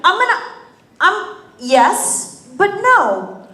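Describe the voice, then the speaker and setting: A high-voiced woman jokes on a convention panel, her pitch swinging widely as she talks. The sound is echoey and distant, picked up from across a hall. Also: drawn-out words, crowd noise. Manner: animated, joking, swears casually.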